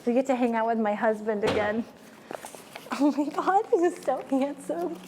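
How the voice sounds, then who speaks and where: A woman's voice: fairly high pitch, normal speed, long reverb tail, noisy background. A woman chatting playfully while she cooks, joking and rambling through asides. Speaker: home cook vlogger. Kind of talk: casual cooking vlog chat.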